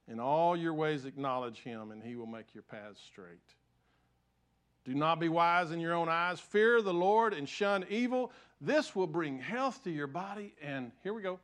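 An older man preaches from the pulpit in a fairly high voice. He tells stories with self-deprecating humor, dropping to hushed tones and then pushing back to loud emphasis. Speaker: pastor. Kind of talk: sermon.

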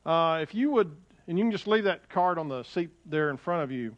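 High-voiced folksy pastor preaching. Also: male voice, animated, a little fast. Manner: folksy, conversational, with frequent restarts and fillers; rises in pitch and volume when reading scripture aloud. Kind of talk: sermon. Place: church sanctuary. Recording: dull, lo-fi sound.

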